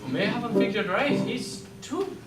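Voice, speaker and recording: A man playing a young Irish miner with an Irish accent, telling stories with animated delivery on a theater stage. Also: high voice, moderate pace. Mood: wry. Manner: storytelling, animated. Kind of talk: stage play acting. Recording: roomy stage sound from far off.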